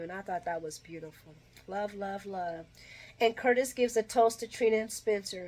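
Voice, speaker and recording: A woman giving a casual soap opera recap, chatty and opinionated, her voice jumping between loud bursts and low asides. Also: fairly even intonation, a little fast.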